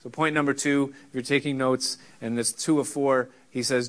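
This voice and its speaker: A middle-aged man preaching a sermon, earnest and conversational, teaching with pauses. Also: medium pitch, level tone, a bit bright. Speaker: pastor.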